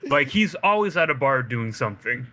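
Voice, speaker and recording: Bright-voiced man chatting about comics. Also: medium pitch, big pitch swings, normal speed. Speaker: podcast co-host. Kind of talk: casual comic book chat.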